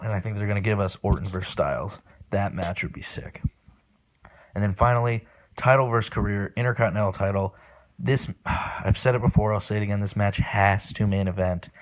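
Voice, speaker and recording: Low, flat-voiced man hosting a podcast. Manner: excitable, swears, many ums and restarts. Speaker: podcast host. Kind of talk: solo casual commentary, predictions. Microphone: not his usual microphone.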